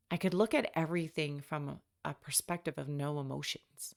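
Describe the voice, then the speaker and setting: A woman's voice: low-pitched, moderate pace, vocal fry, hardly any pauses. A middle-aged woman hosting a podcast, telling a personal story in a reflective, wry way and acting out the people she quotes. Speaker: podcast host.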